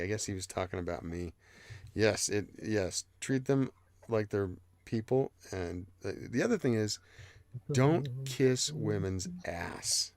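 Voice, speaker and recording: Gravelly-voiced man hosting a livestream. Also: fairly low pitch, expressive, measured pace, a little mellow, no echo. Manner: rambling, loose and profane, reads chat aloud. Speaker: livestream host. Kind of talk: casual livestream chat.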